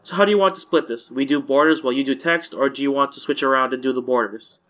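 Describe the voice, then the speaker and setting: A man's voice: medium pitch, quick pace, fairly bright tone. A man hosting a let's-play, reading a visual novel aloud casually and correcting his own stumbles.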